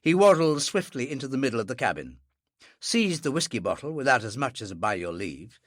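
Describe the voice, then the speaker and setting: Thriller audiobook narrator; wide-ranging, expressive delivery, close and dry. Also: medium pitch, fast talker, no room sound. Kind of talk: first-person thriller narration.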